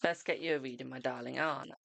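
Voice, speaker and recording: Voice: mid-range voice, fast talker, creaky, fairly bright tone, no echo. A host giving live-streamed tarot readings in a chatty, reassuring way, calling viewers darling.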